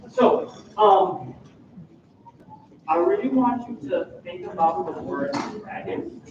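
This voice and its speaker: A man coaching a school choir in rehearsal, demonstrating how to shape words. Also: fairly high pitch. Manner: animated, demonstrates words by speaking them. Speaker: choir clinician. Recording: echoey room, far from mic, dull, noisy.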